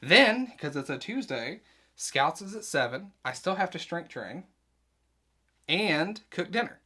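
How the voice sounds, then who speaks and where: A young man hosting his vlog, chatting casually and rambling through a busy day with quick asides. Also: high-pitched, very animated, sharp tone. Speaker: vlog host, nurse practitioner student. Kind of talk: casual chat.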